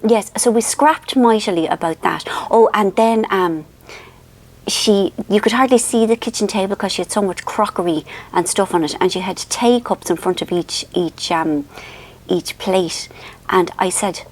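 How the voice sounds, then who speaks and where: An Irish woman in her fifties talks straight to her viewers in a loose, rambling way. She mocks herself with wry humour and fills her pauses with ums. Her pitch sits in the middle of the range. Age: 50s. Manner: rambling, wry and self-mocking, with frequent ums. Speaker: author and vlogger. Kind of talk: casual storytelling vlog.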